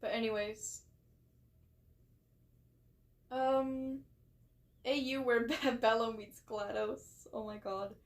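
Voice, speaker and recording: A woman's voice: a little high, steady tone, slow, long pauses. A young woman from England chatting casually on a live stream, rambling, reading her chat aloud, and swearing and laughing easily.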